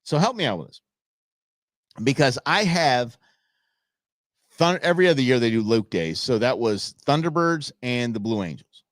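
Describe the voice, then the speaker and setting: Hosting a live show, a man with a medium-pitched voice chats casually with his viewers, often laughing as he responds to what they write. It's recorded at studio quality, free of echo.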